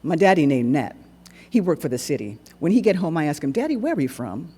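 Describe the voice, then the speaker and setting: A man performing a dramatic monologue on stage, narrating in an animated, dialect-rich storytelling voice. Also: on the high side, fairly quick, husky. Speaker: solo performer. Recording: echoey hall recording.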